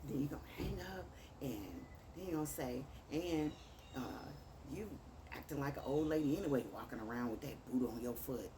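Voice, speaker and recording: Low-voiced Chicago woman telling a story. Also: a little fast. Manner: animated, acts out both sides of the texts. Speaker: author telling a dating story. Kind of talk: casual storytelling. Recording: distant mic with clear background noise.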